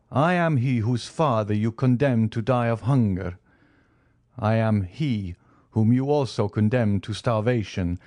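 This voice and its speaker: A stern, solemn count passes judgment in slow, measured words, as voiced by a male narrator. The voice sits low and the sound is dry and close. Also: darkish tone, no room sound.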